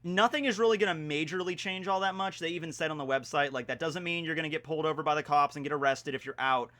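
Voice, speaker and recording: A man's voice: fairly high pitch, fast talker, sharp tone. A young man from Pennsylvania chatting casually and rambling through a geography quiz, making jokey, self-deprecating asides. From Pennsylvania, USA. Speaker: vlogger. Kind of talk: casual commentary while playing a geography quiz.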